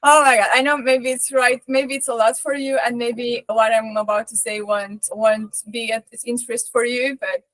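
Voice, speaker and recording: A woman's voice: fairly high pitch, level tone, moderate pace, few pauses, fairly bright tone, no echo, rough recording. A woman on a video call sharing a personal thought, earnest and searching for her words. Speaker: call participant.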